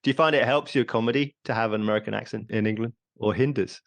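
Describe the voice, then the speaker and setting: A man's voice: lowish voice, fairly even intonation, fast, vocal fry. A man hosting a comedy podcast, introducing his guest and asking questions in a friendly way. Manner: friendly, brief backchannels and laughs. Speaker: podcast host. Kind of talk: podcast interview.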